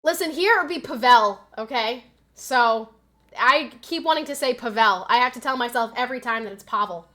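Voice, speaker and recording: Young american woman gaming on stream, chatty, bright sharp voice, a bit high. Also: brisk. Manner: chatty, reads chat aloud, gets loud and frantic in fights. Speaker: game streamer. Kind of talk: casual live-stream chat while gaming.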